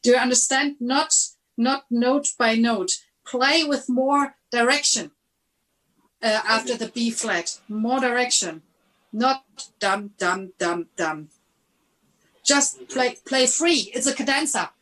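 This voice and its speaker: A woman leads an online music lesson over a video call. Her voice sits fairly high and her delivery is slow and patient. She often sings phrases on nonsense syllables to show how they should go. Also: a bit bright, low-quality recording. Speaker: music teacher giving a masterclass.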